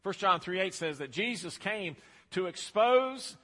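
Preacher, male, emphatic sermon delivery, voice bright and higher than most, echoing through a big hall. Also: expressive, a little slow. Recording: long hall reverb.

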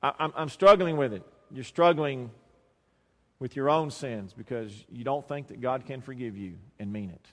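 A man preaching a sermon, swinging between quiet, low passages and loud, emphatic lines. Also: normal speed. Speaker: pastor. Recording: long hall reverb.

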